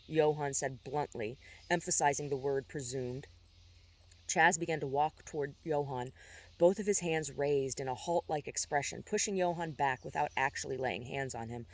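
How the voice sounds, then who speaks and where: A man narrating chapters of a novel in a steady, even storytelling manner with small stumbles. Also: fairly high pitch, moderate pace. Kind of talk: audiobook narration.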